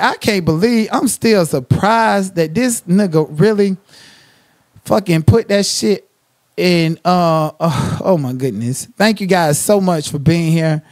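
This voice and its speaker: A man's voice: sits high, slow, no echo, studio quality. A man hosting a livestream, cursing and trash-talking someone in a confrontational rant. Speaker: livestream commentator.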